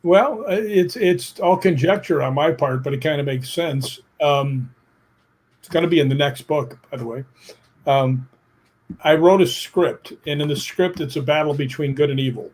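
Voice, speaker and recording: A middle-aged man being interviewed tells stories in a plainspoken, emphatic way, animatedly acting out what people said and swearing casually. His voice is on the high side, at a moderate pace.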